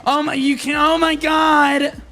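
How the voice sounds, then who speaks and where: A man's voice: flat delivery, measured pace, bright, forceful tone, faint music behind, heavily acted. A man putting on the voice of a nitpicking chat viewer, whining in an exaggerated mocking way. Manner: shrill, exaggerated mocking whine.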